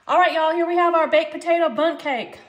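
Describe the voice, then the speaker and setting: A woman's voice: very high voice, fairly bright tone, echoey room. A woman, hosting a casual cooking vlog and chatting to viewers as y'all from her home kitchen. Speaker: cooking channel host.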